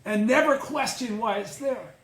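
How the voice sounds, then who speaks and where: Man, high voice, leads a casual study group, blunt and teaching, echoey room. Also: moderate pace, fairly bright tone. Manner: explains a text, checks in with listeners. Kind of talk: informal religious study talk. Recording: roomy echo.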